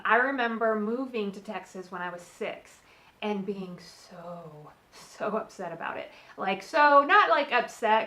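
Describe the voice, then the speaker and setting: A woman's voice: medium pitch, pushed and bright, reverberant, low-quality recording. A young adult woman from California hosting a casual solo opinion talk, chatty and frank, with many fillers and restarts. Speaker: podcast co-host.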